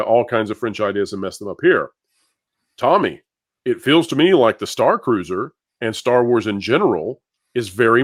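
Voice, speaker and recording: A man hosting a casual panel chat, animated and quick to laugh, often repeating his first words. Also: mid-range voice. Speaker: podcast host.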